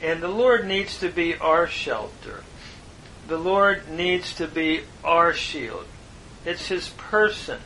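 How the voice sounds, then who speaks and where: Slow, bright-voiced man teaching. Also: on the high side, lively intonation, a little hiss or hum, rough recording. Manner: slow, deliberate explanation with earnest emphasis. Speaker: Hebrew grammar teacher. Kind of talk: Bible lesson lecture.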